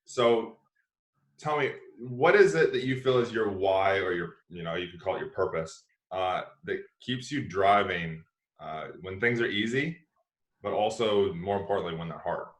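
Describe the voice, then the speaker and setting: A man with a lowish voice hosts a casual podcast chat. He talks with bursts of excitement, restarts his sentences and laughs often. The room gives his voice a noticeable echo. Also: moderate pace. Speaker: podcast host. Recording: echoey room.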